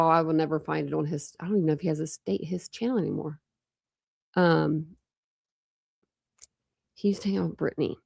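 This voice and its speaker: A woman's voice: on the low side, gravelly, darkish tone, dry recording, studio quality. A woman hosting a true crime channel, talking casually to viewers and thinking aloud as she goes. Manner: rambling, thinks aloud with restarts.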